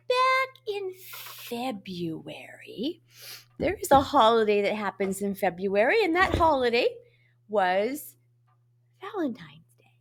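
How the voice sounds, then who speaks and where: A woman music teacher giving a lesson to young children, talking in an animated way and swooping between high and low voices. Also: slight background noise.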